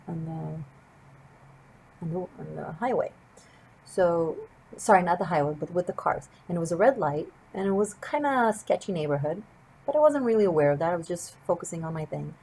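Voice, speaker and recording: Woman, tarot reader, lower pitch; earnest, wandering storyteller speaking to camera. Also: lively intonation, normal speed, vocal fry, darkish tone, a little hiss or hum, rough recording.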